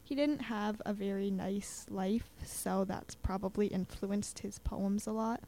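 A woman's voice: medium pitch, steady tone, measured pace, dark tone, slight background noise. A young woman chatting casually as a student guest, with lots of fillers, acting out little quotes as she talks. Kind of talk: casual chat about poetry.

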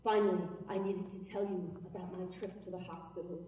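A woman's voice: fairly low pitch, fairly even intonation, brisk, hardly any pauses, warm tone. A woman giving a dramatic spoken-word performance, chanting and sometimes half-singing her lines. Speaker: performance poet. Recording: reverberant hall, from far off.

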